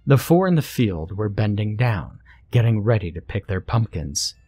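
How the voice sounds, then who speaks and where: A man narrating a scary story in a slow, measured storytelling manner. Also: on the low side, big pitch swings, warm tone, husky. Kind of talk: scripted horror narration.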